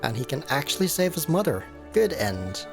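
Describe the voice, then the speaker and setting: Gravelly man musing over a game. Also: on the high side, very animated, normal speed, over music. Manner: musing, thinking aloud with fillers. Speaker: let's play host. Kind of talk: gameplay commentary.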